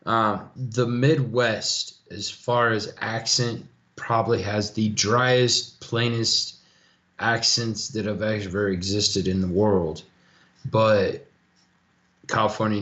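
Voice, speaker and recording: Easygoing low-voiced man, dull audio. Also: steady tone, slow pace, fairly bright tone. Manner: easygoing, explains at length. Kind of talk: casual chat.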